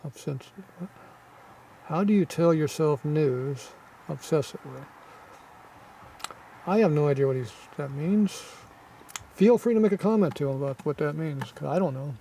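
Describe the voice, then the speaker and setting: A man with a scratchy throat rambles through viewer comments, offhand and gruff, muttering asides as he goes. His voice is mellow yet sits a touch high. He sounds slightly distant from the microphone. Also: moderate pace. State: scratchy throat, frequent throat clearing. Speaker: channel host reading viewer comments.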